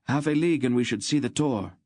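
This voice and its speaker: A man's voice: fairly low pitch, normal speed, darkish tone, dry recording, studio quality, pitched above the performer's own voice, lightly acted. A man voicing a young male archer guide who speaks urgently, as a storybook figure. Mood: tense. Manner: urgent, pressing.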